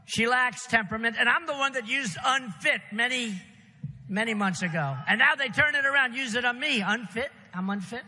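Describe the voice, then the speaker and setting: A man's voice: very high-pitched, bright, forceful tone, big-room sound, slight background noise. Brash man giving a rally speech. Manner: rambling, repetitive, punchy asides to crowd. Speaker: political candidate. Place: large rally venue.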